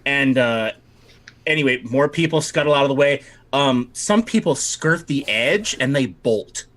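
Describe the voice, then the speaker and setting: A male game master narrating a tabletop campaign in a loose, rambling way, full of fillers. His voice is bright and clear-edged. He keeps the story moving in a relaxed, conversational tone. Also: mid-range voice, unhurried. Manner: casual, rambling, many fillers.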